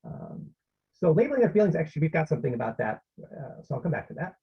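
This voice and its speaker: A man's voice: a little high, big pitch swings, fast, gravelly, husky, dull audio. A man presenting an online parenting workshop, explaining steps and often checking in with his listeners.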